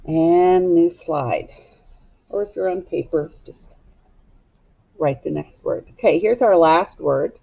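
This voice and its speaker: Lady teacher doing a kids phonics lesson, super slow, spells every letter out, kinda muffled lo-fi sound. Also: on the low side, gravelly. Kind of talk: recorded phonics lesson for young children. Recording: dull lo-fi recording.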